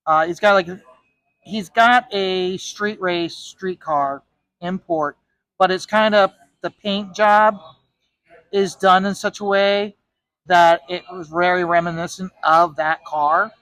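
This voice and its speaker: A comic artist spins a story while he draws, stumbling over restarts and repeating himself as he goes. His voice sits high for a man. It is recorded dry and close, with no room echo. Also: fairly even intonation, slow pace, a bit bright. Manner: rambling, with frequent restarts and repeated words. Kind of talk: casual storytelling while drawing.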